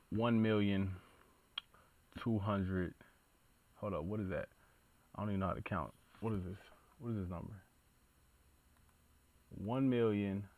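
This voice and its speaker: Low-voiced male reaction host, casual and profane, excitable, talks to himself. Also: phone-quality sound. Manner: profane, excitable, stumbling over numbers and talking to himself.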